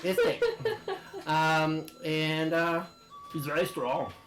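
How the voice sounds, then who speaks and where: A man with a slightly higher voice introduces his game character. He halts often and jokes as he goes. Faint music plays in the background. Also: sing-song, takes it slowly, fairly bright tone. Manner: hesitant, joking. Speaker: player.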